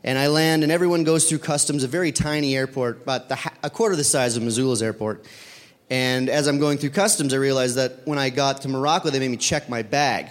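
A man's voice: mid-range voice, fairly quick. Rambling male storyteller in a hall. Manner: rambling, with fillers and self-corrections. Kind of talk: personal story told to an audience. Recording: long reverb of a hall.

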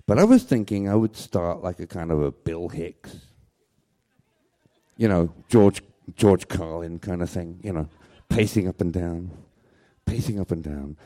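A man's voice: sits low, dark tone. An older man telling rambling, jokey, self-mocking stories on stage at a live venue. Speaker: storyteller.

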